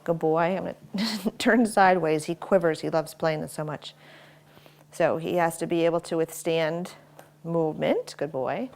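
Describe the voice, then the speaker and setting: A woman dog trainer demonstrating at home, giving short firm commands and quick praise while explaining each step. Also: low-pitched, vocal fry, darkish tone. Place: home, indoors.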